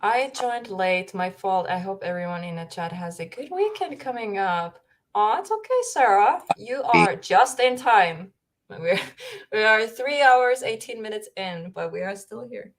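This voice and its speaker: A woman's voice: medium pitch, expressive, measured pace. Giggly young woman chatting on a livestream. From Finland. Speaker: streamer host. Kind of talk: casual livestream chat.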